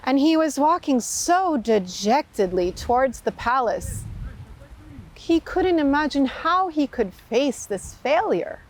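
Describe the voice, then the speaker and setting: Expressive high-voiced woman storyteller. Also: slow. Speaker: meditation teacher. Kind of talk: storytelling and spiritual talk.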